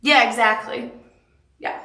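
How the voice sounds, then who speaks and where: A woman's voice: on the high side, steady tone, unhurried, gravelly, bright, forceful tone, echoey room, distant mic. A woman with a Southern accent leads a live quilting tutorial, chatty and upbeat, with cute little asides. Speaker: quilting instructor.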